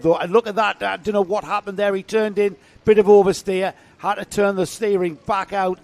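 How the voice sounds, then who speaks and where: A man's voice: high voice, fairly quick, gravelly, hardly any pauses, no room sound. A man giving live, chatty race commentary that lifts on the action. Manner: chatty, jokey, rising excitement on action.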